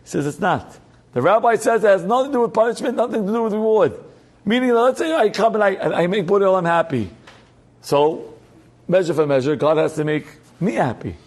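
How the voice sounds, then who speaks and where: A middle-aged rabbi teaches a Torah class through a personal story. His voice sits a little high for a man, and he swings between loud, emphatic high points and quiet, low asides. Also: lively intonation, a little fast.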